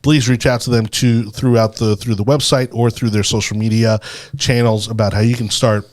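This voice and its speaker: A man's voice: mid-range voice, fairly even intonation, moderate pace, darkish tone. A man from Colombia with a mid-range voice co-hosting a political talk show. He talks in an easygoing, conversational way. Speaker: podcast co-host. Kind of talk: casual political chat.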